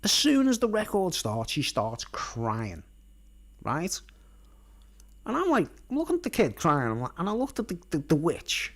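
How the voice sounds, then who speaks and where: A man's voice: on the high side, wildly swooping pitch, moderate pace, fairly bright tone. A man telling a rambling personal story in casual slang, constantly checking in with his listeners. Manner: colloquial, nonstandard grammar. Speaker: vlogger.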